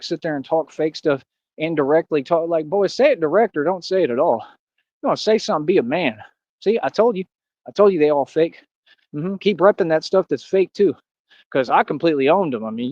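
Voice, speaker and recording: Young man, streamer, boastful and taunting, slangy, fairly high voice, dry close sound. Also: a little mellow, no room sound, highs cut off. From Austin, Texas. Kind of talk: live stream monologue.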